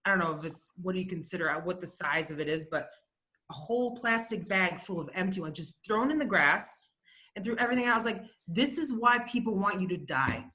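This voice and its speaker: A woman's voice: lowish voice, expressive, a little fast, bright, forceful tone. A woman co-hosting a podcast, telling stories in a profane, ranting, casual comedic chat. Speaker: podcast co-host.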